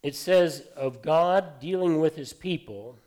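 A middle-aged man giving a sermon as pastor, talking in a relaxed, anecdotal way with frequent fillers. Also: on the high side, slow.

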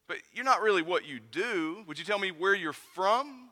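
In a church sanctuary whose hall gives a long reverb, a pastor addresses his congregation with a question-filled, conversational sermon. He has an East Tennessee Southern accent and a high, lively, pushed and bright voice at normal speed.

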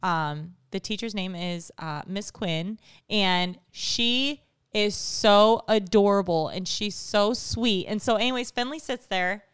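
A woman in her thirties, a mother, chatting casually and telling stories in an animated way as co-host. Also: mid-range voice, slow, clear, resonant tone, no echo, clean studio sound. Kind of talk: casual chat.

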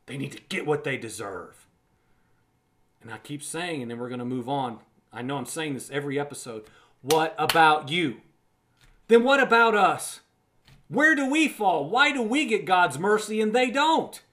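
High-voiced emphatic man teaching scripture. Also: expressive, moderate pace, sharp tone. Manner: emphatic, repeats words for emphasis; conversational, addresses listener as friend. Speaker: Bible teacher. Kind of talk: recorded Bible teaching.

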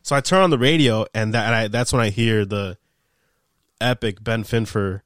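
A man's voice: fairly low pitch, moderate pace, dry recording, clean studio sound. A young man, a podcast guest, casually telling stories from his radio days, swearing freely and acting out what people said. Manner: animated, swears freely, acts out quoted dialogue. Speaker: podcast guest, former sports radio producer. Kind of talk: casual storytelling chat.

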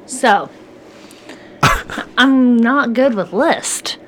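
A woman's voice: fairly high pitch, very slow, a bit bright, slight background noise. A woman co-hosting a casual podcast chat, easygoing and laughing often. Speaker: podcast co-host.

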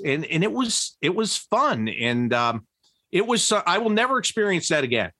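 Animated man swapping hockey stories. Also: moderate pace, no room sound, clean studio sound. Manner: animated, pitch jumps high when excited, many restarts. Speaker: former team broadcaster telling stories. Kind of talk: casual storytelling interview.

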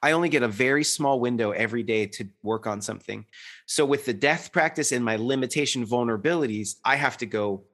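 A man in his thirties, a guest in a reflective conversation, speaks earnestly and rambles, full of restarts and fillers. His voice is medium-pitched and a bit bright.

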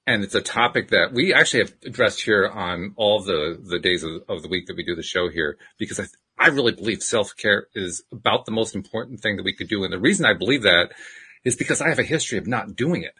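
A man's voice: on the low side, lively intonation, fast, bright, forceful tone, breathy edge. A man hosting a podcast in casual interview chat, affirming and reflective. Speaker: podcast host.

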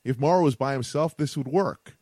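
A man's voice: mid-range voice, fairly quick, warm tone, dry recording. A man co-hosting a casual podcast, often stumbling and repeating words as he thinks aloud. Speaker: podcast co-host. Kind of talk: casual chat.

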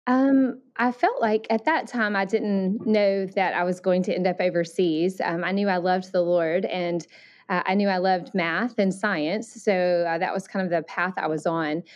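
A woman from Alabama with a Southern accent, speaking a bit low and steady. She tells her story as an interview guest in an earnest, reflective way, often pausing with "um" and "uh" to gather her thoughts. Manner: earnest, thoughtful, many ums and uhs. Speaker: missionary guest.

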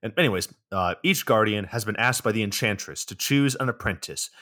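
Sarcastic male podcast co-host, lowish voice, casual recap delivery. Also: a little fast, sharp tone. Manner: sarcastic, swears freely.

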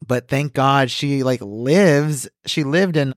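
A man co-hosting a podcast, reading the news and telling stories in casual chat, swearing often and acting out quotes loudly. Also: mid-range voice, slow pace, dry recording, studio quality. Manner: animated, swears a lot, acts out quotes loudly. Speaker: podcast co-host.

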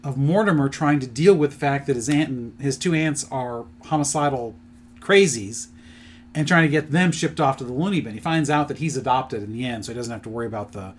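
A man's voice: mid-range voice, brisk, a little hiss or hum. A middle-aged man on a podcast, rambling through a plot retelling with lots of fillers in a casual chat. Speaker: podcast co-host presenting his picks.

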